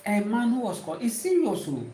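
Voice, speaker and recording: A woman's voice: fairly high pitch, very animated, a little fast, dark tone, slight background noise. A woman with a Ghanaian accent giving a casual spiritual talk, emphatic, often repeating and restarting her words. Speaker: spiritual teacher. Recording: roomy echo.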